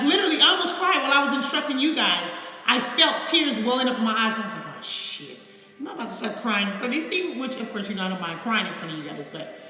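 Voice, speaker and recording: A woman's voice: medium pitch, bright, forceful tone. A woman counselor teaching meditation in a casual live video, talking candidly and bluntly with mild swearing. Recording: echoey room with long reverb and faint music.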